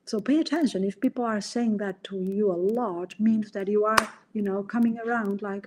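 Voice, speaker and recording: A woman's voice: medium pitch, normal speed, mellow. A middle-aged woman coach and podcast host, explaining ideas in an earnest, casual way and sometimes acting out quoted dialogue.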